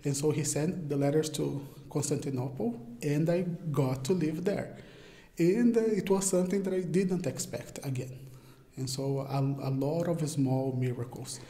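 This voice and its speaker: A man's voice: fairly high pitch, steady tone, moderate pace, warm tone. A young Brazilian man with a Brazilian Portuguese accent and Portuguese as his first language, answering interview questions in English in a hesitant way, often searching for words. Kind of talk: casual interview talk. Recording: roomy echo.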